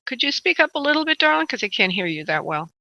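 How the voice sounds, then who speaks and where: Bright-voiced woman calling callers darling. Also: high-pitched, big pitch swings, fast, vocal fry, no echo. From United States. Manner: calls callers honey and darling, rambling and chatty. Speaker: psychic medium radio host. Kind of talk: call-in radio show chat. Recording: dull lo-fi internet radio audio.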